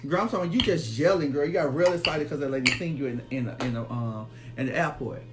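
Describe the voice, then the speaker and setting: A man's voice: mid-range voice, quick pace, very noisy. A man from Florida bantering sassily in a casual live chat, teasing his co-host.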